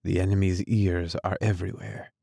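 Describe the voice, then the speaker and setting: A man's voice: low-pitched, level tone, moderate pace, vocal fry, warm tone, no echo, clean studio sound. A man reading an audiobook, voicing a grave, suspicious middle-aged Italian barber who speaks in clipped lines. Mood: solemn. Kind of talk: audiobook character voice.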